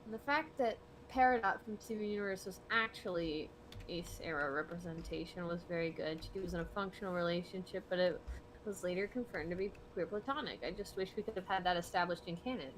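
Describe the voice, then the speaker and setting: A young woman rambles through a relaxed chat while she draws live on stream. She laughs a lot and drifts between lively talk and soft mumbling to herself, and a faint hiss sits under her voice. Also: lowish voice, a little fast. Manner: rambling, chatty, laughs often. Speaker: art streamer. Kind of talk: casual chat while drawing.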